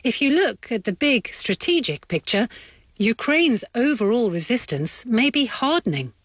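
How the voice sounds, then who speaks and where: A woman radio news presenter delivering scripted links with a crisp manner. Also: a little high, very animated, normal speed, no echo.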